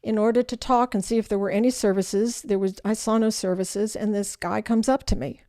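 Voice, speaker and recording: An older woman, the guest in an interview, telling her life story in an animated way and acting out the voices of people in it. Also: mid-range voice, a little fast, no room sound, clean studio sound. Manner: animated storyteller who acts out quoted voices.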